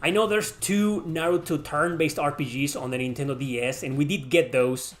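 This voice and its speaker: A man's voice: fairly high pitch, moderate pace. A man casually answering chat questions on a livestream, rambling and swearing freely.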